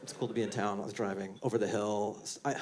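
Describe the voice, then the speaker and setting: A man's voice: lowish voice, flat delivery, quick pace, a crowd in the background. A man doing stand-up on stage before a live audience, talking in a conversational, self-mocking way with punchy jokes. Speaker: stand-up comedian. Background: audience laughter.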